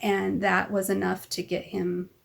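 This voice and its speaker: Gravelly-voiced woman recounting events. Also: mid-range voice, monotone, a little slow. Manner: rambling storytelling, acts out quoted dialogue. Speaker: vlogger; mother. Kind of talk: casual personal vlog chat.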